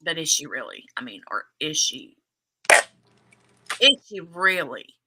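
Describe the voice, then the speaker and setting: A woman's voice: sits low, very animated, a little slow, heavy background noise. A woman hosting a casual livestream, chatty and laughing often as she greets viewers by name and recaps a TV episode. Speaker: livestream host.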